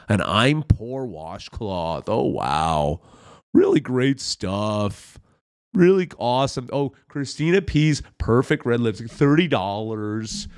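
A man hosting a reaction commentary, mocking and sarcastic with exaggerated fake enthusiasm, talking straight to his viewers. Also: mid-range voice. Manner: speaks directly to viewers as friends. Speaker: commentary host.

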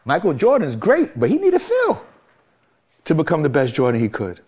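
A man's voice: a little high, wildly swooping pitch, moderate pace, darkish tone, slightly rough. A middle-aged man, giving a candid interview in an emphatic, repetitive, motivational way. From Brooklyn, New York. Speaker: guest, music manager.

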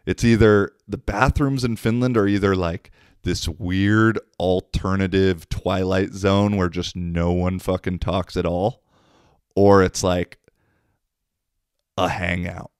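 A laid-back American man hosts his podcast, telling casual stories full of swearing. His voice is low and deep. The sound is dry and close, with no room echo. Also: steady tone, slow, clean tone. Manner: profane, laid-back storyteller. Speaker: podcast host. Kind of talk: casual storytelling monologue.

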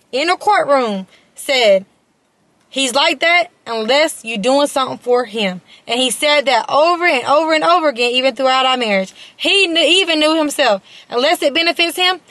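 A woman's voice: high-pitched, a bit bright, dry recording. A young woman telling a personal story straight to camera in a vlog, emphatic and repeating words for stress. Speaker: beauty and lifestyle vlogger. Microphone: compact camera mic.

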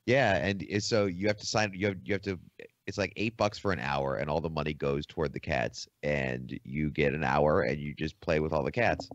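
A man's voice: very deep voice, normal speed, no room sound, dull audio. A man co-hosting a casual podcast, telling crude, wry, rambling stories. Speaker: podcast co-host.

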